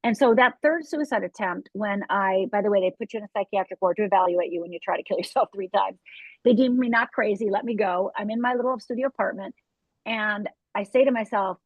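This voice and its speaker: A woman's voice: medium pitch, brisk, dry recording. Candid woman coach on a tinny line. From Upper Michigan. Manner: candid, direct storytelling with audience asides. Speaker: life coach and author. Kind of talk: interview guest telling her story. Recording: tinny phone-like dry sound.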